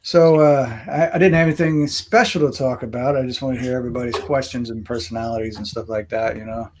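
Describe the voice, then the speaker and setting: A man's voice: mid-range voice, fairly even intonation, quick pace, a little hiss or hum. A man hosting a casual livestream chat, talking in a laid-back, slangy way. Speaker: livestream host.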